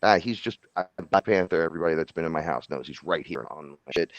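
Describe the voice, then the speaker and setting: A man's voice: a bass voice, fast talker, no room sound, dull audio. A man chatting casually on a podcast, telling a long, rambling, profane story and acting out the voices he quotes. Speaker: podcast speaker.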